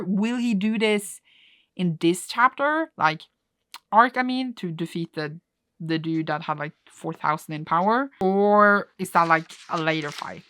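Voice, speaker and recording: Bright, gushing woman vlogger. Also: on the low side, no echo. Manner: gushing and excitable, full of "like" fillers. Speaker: reading vlogger. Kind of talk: casual reaction while reading manga.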